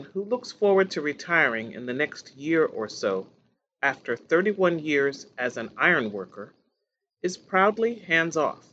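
Lively-pitched man reading news, muffled sound. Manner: steady read-aloud delivery of quotes and narration. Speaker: news reader. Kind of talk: reading magazine articles aloud.

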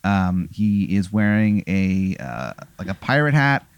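A man's voice: low voice, very animated, measured pace, gravelly, no echo, muffled recording. A man telling an improvised comic story, rambling with plenty of fillers. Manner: rambling, filler-heavy, playful.

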